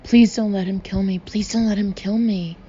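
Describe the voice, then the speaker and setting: A woman's voice: mid-range voice, fairly even intonation, moderate pace, dark tone, natural voice. A woman voicing a man who fakes terror as a hostage, wailing, pleading and jabbering in short breathless bursts. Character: terrified middle-aged man faking hostage panic. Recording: slightly dull recording with faint hiss.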